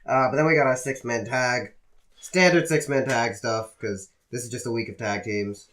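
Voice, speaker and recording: A man's voice: mid-range voice, normal speed, a bit bright, a little hiss or hum. Dry-toned man swearing through a recap. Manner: swears freely, dry running commentary. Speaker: podcast co-host. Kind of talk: casual chat, recapping shows.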